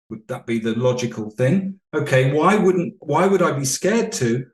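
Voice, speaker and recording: Man, measured coaching guest. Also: a little high, animated, echoey room. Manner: measured, explanatory, anecdotal. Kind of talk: podcast interview storytelling.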